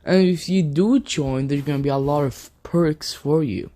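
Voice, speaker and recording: A man's voice: fairly high pitch, normal speed, mellow. A man narrating an improvised fan story in a rambling way, linking events one after another. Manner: rambling, strings events together with "then". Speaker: video narrator.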